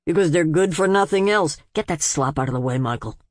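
Woman reader doing a snooty dry old dad, cold and curt, low voice in a dead quiet room. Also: expressive, brisk, dry recording. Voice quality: dry, clipped voice. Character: stern, dismissive, proud older male city patriarch.

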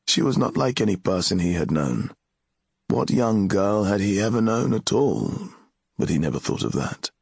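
Deep, gravelly male audiobook narrator. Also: big pitch swings, darkish tone, dry recording, studio quality. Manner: measured, solemn storytelling. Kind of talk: scripted fantasy narration.

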